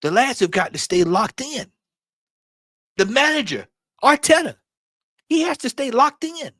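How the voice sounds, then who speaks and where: A man hosting a casual late-night fan livestream, reading aloud and talking to his chat in an animated way. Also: very high voice, measured pace, no echo, studio quality. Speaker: fan channel host.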